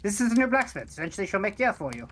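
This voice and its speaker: A woman's voice: medium pitch, big pitch swings, rapid-fire, a little hiss or hum. A woman playing a tabletop game, casual and a bit hesitant, with many fillers. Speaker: player. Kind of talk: tabletop role-play.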